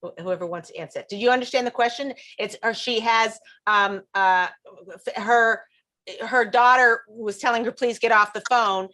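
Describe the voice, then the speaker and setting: A woman's voice: medium pitch, pushed and bright. A woman hosting a live talk show, eagerly prompting her guests and repeating herself.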